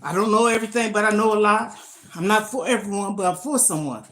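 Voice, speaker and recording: A woman's voice: mid-range voice, fast talker, a bit bright. Older lady chatting on a live stream mid-workout, emphatic, all about motivating ppl. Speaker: lifestyle vlogger. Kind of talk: casual live-stream chat while exercising.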